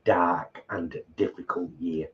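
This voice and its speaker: This middle-aged co-host of a laid-back mukbang chat has a deep voice and a steady tone, taking his time as he talks. Outspoken and blunt, he ridicules the people who criticize him. It's a home recording with a slightly dull quality.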